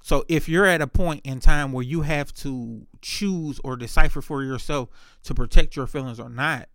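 A man's voice: mid-range voice, normal speed, a bit bright, no echo, clean studio sound. A man talking openly in a casual monologue, telling stories with plenty of swearing and filler words. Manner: candid, profane storytelling with many fillers.

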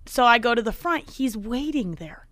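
A woman's voice: a little high, normal speed, no echo, clean studio sound. A young woman co-hosting a casual podcast, telling a story with lots of acted-out quotes. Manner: animated storyteller acting out quotes. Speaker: podcast co-host.

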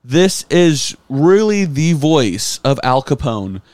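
A man's voice: fairly high pitch, very animated, slow pace, a little mellow, dry recording. Joking man in casual podcast chat. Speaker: podcast co-host.

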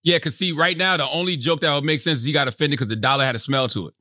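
A man's voice: fairly high pitch, very fast, sharp tone, no echo, studio quality. Laughing, playful male podcast co-host. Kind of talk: casual comedic banter.

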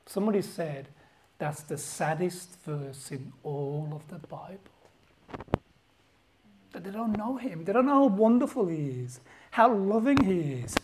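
A man preaching a sermon as a pastor, impassioned and swinging from loud outbursts to hushed whispers. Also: a little high, slight background noise, poor audio.

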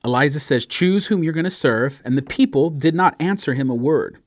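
A man's voice: on the high side, animated, fairly quick, no echo, studio quality. A male pastor preaching a sermon. He reads scripture with rising emphasis and explains it in a conversational way. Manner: acts out sarcastic and pleading voices in quotes.

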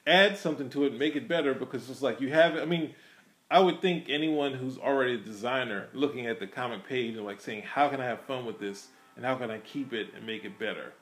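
A man co-hosts a podcast, talking casually about a film in a rambling, hesitant way with many restarts. He speaks briskly in a mid-range voice, and the room sounds echoey.

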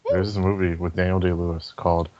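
A man's voice: low-pitched, flat delivery, quick pace, a little mellow, dry recording. A young man co-hosting a casual podcast, easygoing and joking, with mock-formal goodbyes to viewers. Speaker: podcast co-host. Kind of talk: casual chat among friends over a call. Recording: lo-fi online call audio.

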